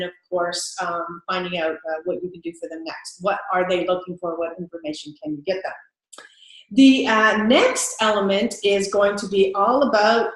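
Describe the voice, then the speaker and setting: Upbeat woman trainer in an echoey room. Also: mid-range voice. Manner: upbeat, laughs often, acts out sample phone calls. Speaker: sales trainer. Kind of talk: instructional talk to camera.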